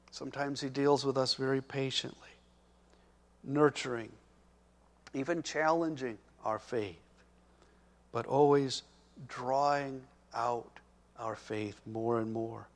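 A man preaching a sermon, slow and emphatic, growing loud and urgent when he speaks the characters' words. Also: mid-range voice. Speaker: pastor.

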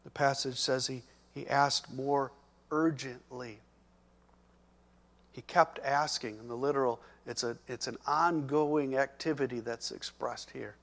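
A man preaching a sermon, slow and emphatic, growing loud and urgent when he speaks the characters' words. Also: medium pitch, steady tone. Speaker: pastor.

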